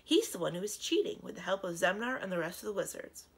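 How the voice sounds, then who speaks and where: Bold, earnest young princess as a woman reader puts her on, insistent and eager, husky storybook voice. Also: mid-range voice, sing-song, quick pace.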